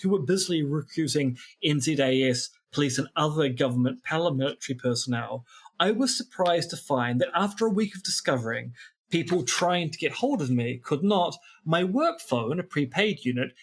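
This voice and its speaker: Husky New man reading aloud. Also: fairly high pitch. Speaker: podcast co-host. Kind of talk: reading aloud from a book in casual chat.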